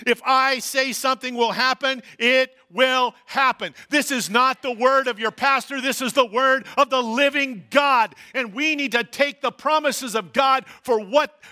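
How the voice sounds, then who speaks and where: A man, a pastor, preaching a sermon in a church, swinging from loud declarations to quiet, low asides. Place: church hall.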